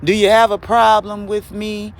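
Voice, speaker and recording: Hosting her podcast, a woman gives an emphatic, preachy monologue with rhetorical questions and laughs and dramatic high-low swings. Even so, her pitch moves little overall, and her pace is moderate.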